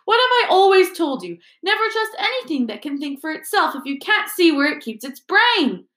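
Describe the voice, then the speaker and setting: A woman voicing a stunned, anxious wizard father who stammers in a high, agitated voice, in a roomy echoing recording. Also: very animated, normal speed, a bit bright, heavily acted. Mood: scolding. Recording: roomy echo.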